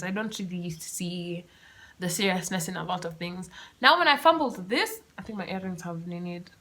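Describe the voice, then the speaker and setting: A young woman hosting her own podcast, telling a story in a chatty, animated, self-mocking way. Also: mid-range voice. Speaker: podcast host. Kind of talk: casual solo storytelling. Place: room at home with the windows open.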